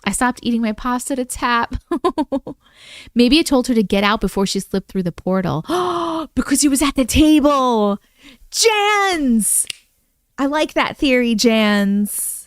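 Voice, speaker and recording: A woman hosting a casual livestream, chatting excitedly and reacting to viewer comments as she reads and discusses their stories. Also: fairly high pitch, takes it slowly, clear, resonant tone, no echo, studio quality.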